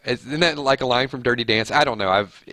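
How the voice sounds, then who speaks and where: Live-stream host, man, nasal and bright, dry close sound, casual and laughing easily. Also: medium pitch, a little fast, dry recording. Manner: chatty, laughs easily, thinks aloud. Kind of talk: casual live-stream chat reading viewer comments.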